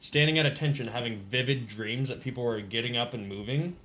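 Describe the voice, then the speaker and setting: A man's voice: medium pitch, brisk, sharp tone. A man co-hosting a podcast who chats casually, swears and reacts with blunt comments. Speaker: podcast co-host. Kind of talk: casual chat. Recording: noisy background hiss.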